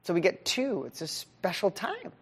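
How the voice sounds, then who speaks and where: Man in his fifties, business coach, upbeat motivational talk, casual and animated, long echoing reverb. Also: high voice, moderate pace, slightly rough. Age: 50s. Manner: energetic, animated, casual with frequent "like". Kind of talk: motivational live training.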